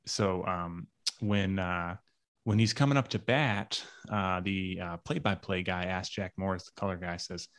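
A man's voice: low voice, fairly even intonation, unhurried, fairly bright tone, no room sound. A man co-hosting a casual podcast chat, rambling with many fillers and restarts. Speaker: podcast co-host.

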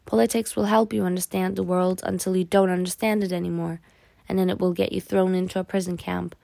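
A gentle, wry older Frenchman, calm and kindly, read by a woman. The voice has a gravelly edge and is recorded close and dry. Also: high voice, brisk, no echo. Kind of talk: audiobook character voice.

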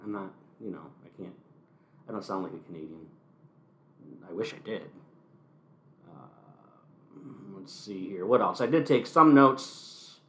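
Male podcast host, animated delivery, sarcastic commentary, solo recap from home. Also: lowish voice. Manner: wry, sarcastic asides. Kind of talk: casual solo wrestling recap.

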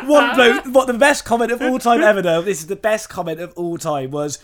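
Young bloke, fairly high voice, animated anecdote with laughs. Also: male voice, fairly quick, hardly any pauses. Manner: animated, laughing storyteller, acts out quotes. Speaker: podcast co-host. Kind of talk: casual storytelling chat.

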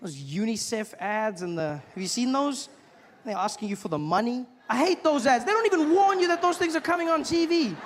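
A man doing a stand-up comedy set in front of a live audience, bursting into loud put-on voices as he tells his stories. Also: extremely high pitch, expressive, a little fast, long reverb tail. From South Africa. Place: large theater with a live audience. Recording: stage mic, loud crowd laughter and noise.

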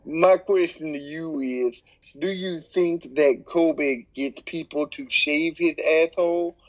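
A man's voice: medium pitch, darkish tone. Cocky man on a dull lo-fi memo. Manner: cocky, brash, keeps saying baby. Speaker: listener sending a question. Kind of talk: casual recorded voice message.

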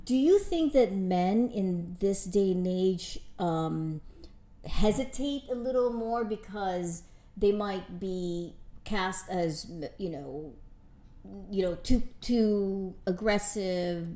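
Woman on a podcast asking questions, warm mellow voice, giggles, says yeah a lot. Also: medium pitch, lively intonation. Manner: inquisitive, giggly, lots of quick agreeing backchannels. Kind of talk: casual podcast chat.

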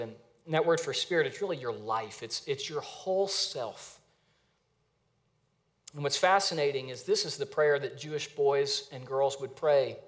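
A man preaching a sermon as a pastor, earnest, slowing down and dropping his voice to stress phrases. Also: mid-range voice. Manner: earnest, varies pace and volume for emphasis, repeats phrases.

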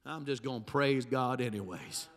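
A male pastor preaching a Pentecostal sermon in a church, swinging from soft, intimate passages to shouted climaxes. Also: mid-range voice, normal speed. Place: church sanctuary. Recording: long church hall reverb.

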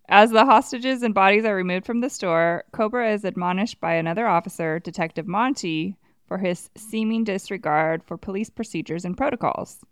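A woman co-hosting a podcast, giving a wry, brisk recap of a film's plot. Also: medium pitch, smooth, no room sound, studio quality. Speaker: podcast co-host.

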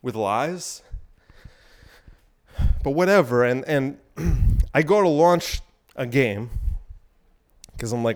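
His mid-range, darkish voice moves slowly, with frequent pauses. A young man hosts his podcast alone, ranting crudely and wandering into many asides as he exercises on an elliptical.

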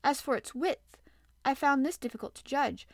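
A woman narrating an audiobook in a steady, expressive reading style. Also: high voice, normal speed, no echo, studio quality.

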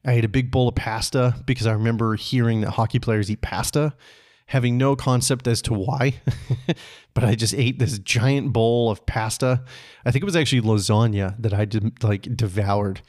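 A man's voice: medium pitch, moderate pace. Laid-back man telling a personal story. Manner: relaxed and conversational, chuckles often, swears casually. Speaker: podcast host. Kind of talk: casual personal storytelling monologue.

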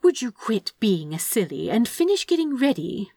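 A woman's voice: mid-range voice, very animated, normal speed, no room sound, studio quality. A woman reading aloud and voicing a fussy, doting male angel who tuts primly and stays unbothered. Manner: prim, tutting, affectionate.

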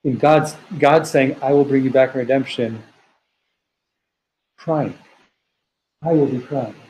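A man leading a text study class. He translates Hebrew and Aramaic phrases line by line and slows down to quote verses. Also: mid-range voice, a little mellow, slight background noise, low-quality recording. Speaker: teacher.

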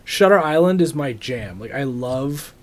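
A man's voice: medium pitch, lively intonation, measured pace, darkish tone. A young man co-hosting a casual movie podcast, rambling and trailing off as he talks. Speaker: podcast co-host.

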